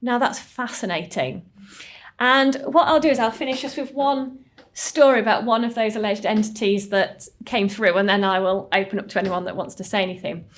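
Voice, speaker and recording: A woman, a therapist telling stories in a recorded talk to a group. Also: moderate pace. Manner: earnest storytelling, slightly higher pitch.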